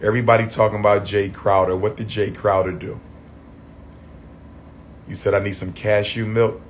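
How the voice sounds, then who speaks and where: A man chatting on a livestream, losing his voice, repeating shout-outs to his viewers. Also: lowish voice, level tone, normal speed, a little hiss or hum. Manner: repetitive, call-and-response shout-outs to viewers. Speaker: livestream host. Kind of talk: casual livestream chat.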